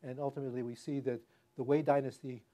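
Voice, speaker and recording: An older man giving an academic public lecture in a hall, speaking haltingly with many fillers and restarts. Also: medium pitch, flat delivery, warm tone.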